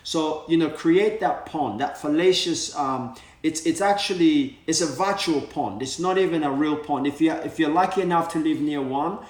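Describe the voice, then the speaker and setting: Earnest motivational speaker, echoey and distant. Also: male voice, on the high side, normal speed. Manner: earnest, repetitive, many fillers. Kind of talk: motivational talk. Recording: echoey room, voice from far off.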